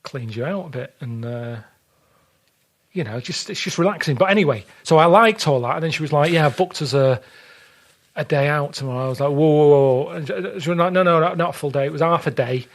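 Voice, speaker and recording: A podcast guest from England chats casually, his fairly high voice running a little fast. He recounts a story with blunt, grumbling delivery and performs the quoted lines of the people involved.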